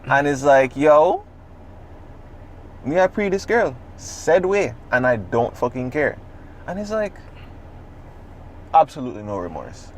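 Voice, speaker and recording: Man, podcast co-host, casual chat, lively swings in pitch, swears a lot. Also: a little slow, pauses often, a little hiss or hum. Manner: animated, profane, rambling.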